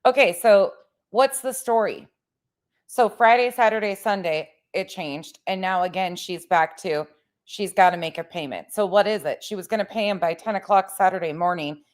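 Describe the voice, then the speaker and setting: A woman's voice: mid-range voice, moderate pace. A woman hosting a live stream, talking bluntly and pressing questions about a case. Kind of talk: casual live stream commentary.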